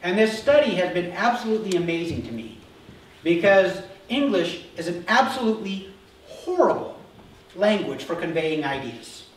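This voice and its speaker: A man's voice: high voice, expressive, normal speed, slight background noise. A male pastor preaching a conversational sermon who often asks the congregation questions, recorded in a church sanctuary. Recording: echoey church hall miked from far off.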